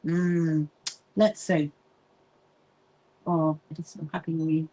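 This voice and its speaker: A woman's voice: low-pitched, level tone, very slow, pauses often, mellow, poor audio. Chatty woman livestreaming while sewing. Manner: chatty, easily distracted, greets viewers by name. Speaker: livestream host, quilting association founder.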